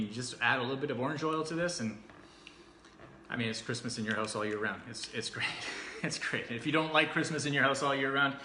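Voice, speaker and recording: A man chatting casually and cheerfully through a product walkthrough, joking and filling pauses with ums. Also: medium pitch, sharp tone, slight background noise. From Canada. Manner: chatty, upbeat, jokey, with frequent fillers. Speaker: vlogger reviewing essential oils. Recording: echoey room.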